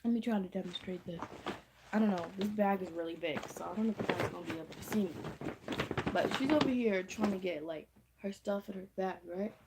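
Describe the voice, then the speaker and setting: A woman's voice: mid-range voice, fairly quick, a little mellow, slight background noise. A teenage girl telling a storytime to camera in a chatty, slangy way, repeating her phrases. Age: teens. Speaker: storytime vlogger. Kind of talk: casual storytime vlog.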